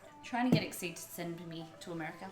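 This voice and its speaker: A woman's voice: fairly low pitch, fast talker. Chatty Australian woman with music behind. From Melbourne, Australia. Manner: chatty, chats with viewers while cooking. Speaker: cooking stream host. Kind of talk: casual live-stream cooking chat. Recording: roomy echo with music behind.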